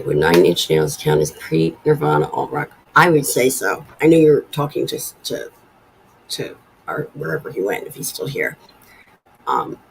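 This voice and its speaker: A woman's voice: low voice, gravelly, darkish tone, a little hiss or hum, low-quality recording. A woman in her forties hosting a casual live stream from home, rambling and chatty as she reads viewer comments aloud. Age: 40s. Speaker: livestream host.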